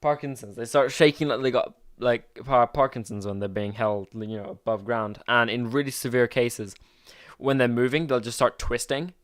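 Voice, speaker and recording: A man's voice: mid-range voice, fairly even intonation, moderate pace, dry recording, clean studio sound. A man hosting a casual podcast, rambling and restarting his sentences. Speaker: podcast host.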